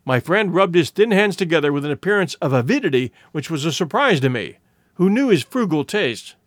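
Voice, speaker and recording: A man narrating a classic story in audiobook style. His voice is fairly high and very lively in pitch. The recording is close and dry. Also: brisk, no echo.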